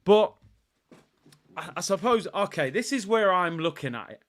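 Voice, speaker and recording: A man's voice: high-pitched, expressive, moderate pace, fairly bright tone. A man hosting a football vlog in casual talk, chatty and opinionated, with plenty of slang, speaking straight to his viewers. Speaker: football channel host.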